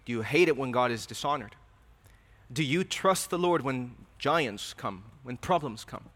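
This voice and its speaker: A man's voice: mid-range voice, lively intonation, normal speed, fairly bright tone. A man preaching a sermon, earnest and questioning, often repeating his words. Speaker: pastor. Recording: reverberant hall.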